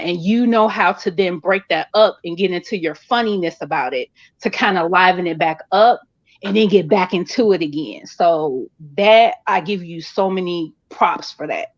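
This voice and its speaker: A woman's voice: fairly low pitch, no room sound. Woman calling in, aave, gushing, repeats herself, dull dry lo-fi line. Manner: effusive and encouraging, repeats praise. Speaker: viewer calling in to a live stream. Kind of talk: casual live-stream call-in. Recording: dry, dull lo-fi call audio.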